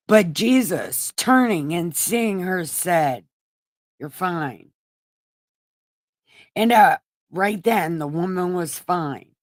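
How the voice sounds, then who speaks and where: A woman's voice: on the low side, lively intonation, extremely slow, pauses often, dry recording. A woman hosting a show, retelling Bible stories in a casual, irreverent way with profane, sarcastic asides. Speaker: host reading scripture.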